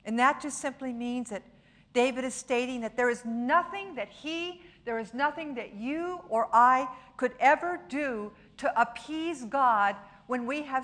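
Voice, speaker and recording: A middle-aged woman preaching a sermon in an earnest manner, dropping to a soft, hushed voice when she prays. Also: high voice. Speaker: pastor.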